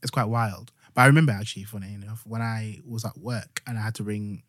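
A young Yorkshire man chats on a podcast, his voice sitting low and recorded dry and close. He rambles through stories with lots of "like" and false starts, getting animated as he retells them. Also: fast talker, no room sound. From Yorkshire, England. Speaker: podcast co-host. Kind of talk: casual chat.

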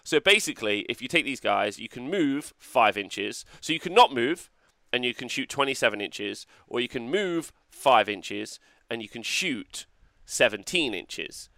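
A man hosting a wargaming show, talking through new rules in a casual, excitable way and swearing as he reacts to viewer comments. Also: mid-range voice, measured pace, gravelly, no echo, studio quality. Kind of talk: casual livestream rules review.

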